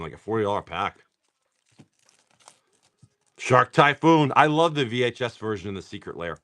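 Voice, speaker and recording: A tired man chatting on a live stream as he opens card packs, excitable, swearing and laughing, talking to viewers by name. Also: medium pitch. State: tired from poor sleep. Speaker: livestream card seller. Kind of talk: casual live-stream chat while opening card packs.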